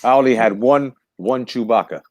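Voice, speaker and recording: A man hosting a casual chat, excited and loudly calling his dogs. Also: medium pitch, moderate pace.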